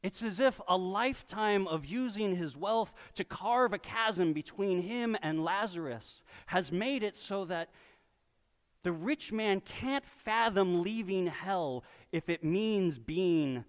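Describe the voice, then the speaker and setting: A man's voice: sits high, lively intonation. A man preaching a sermon, telling a story and briefly voicing the people in it. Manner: storytelling, with quick voiced asides for people in the story. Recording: reverberant hall.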